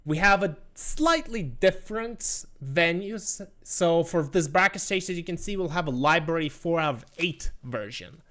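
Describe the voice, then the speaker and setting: A man's voice: fairly high pitch, animated, normal speed, few pauses, fairly bright tone. A man casting an esports tournament, walking through results with small self-deprecating jokes. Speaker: esports caster. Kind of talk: tournament commentary.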